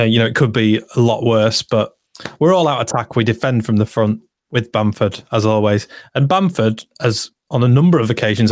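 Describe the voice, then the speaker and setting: A man's voice: fairly low pitch, no room sound, studio quality. A man co-hosting a casual football podcast, chatting and reading out listener comments. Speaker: podcast co-host.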